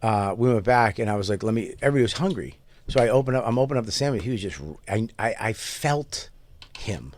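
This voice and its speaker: A man's voice: on the low side, fast, dry recording. A middle-aged man co-hosting a podcast, telling stories in casual chat, swearing often and acting out quoted lines. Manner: animated storyteller, swears a lot, acts out quotes. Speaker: podcast co-host.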